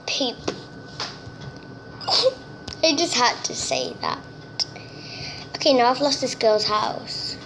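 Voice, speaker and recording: A young woman giving chatty, excitable gameplay commentary, nervous and talkative, recorded on a phone. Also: a little high, slow, creaky, long pauses, slight background noise. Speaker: gamer. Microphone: phone screen-recorder mic.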